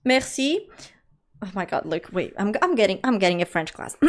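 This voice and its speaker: A young woman, not a native English speaker, chatting casually with her livestream chat, rambling and quick to laugh. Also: mid-range voice, sing-song. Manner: talks straight to her chat. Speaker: streamer.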